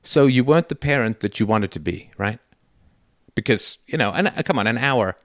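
A man's voice: medium pitch, animated, moderate pace, no room sound. Heated, emphatic man in a dry studio. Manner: heated, emphatic, sarcastic, swearing. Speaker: host role-playing a son confronting his father. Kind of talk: call-in show role-play.

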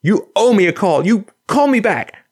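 A shrill, frantic young woman pleads into an answering machine, her voice pitched up high, as a man acts her out. She repeats herself and swings wildly up and down. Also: expressive, normal speed, darkish tone, husky, full character voice. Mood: outraged. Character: upset young woman leaving phone messages.

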